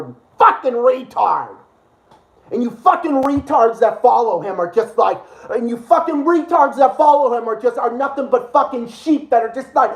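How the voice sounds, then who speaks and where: A man hosting a livestream, ranting furiously with constant swearing and repeated insults. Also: extremely high pitch. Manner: furious, profane, insulting, repetitive. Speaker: livestream host. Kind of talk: angry profane rant.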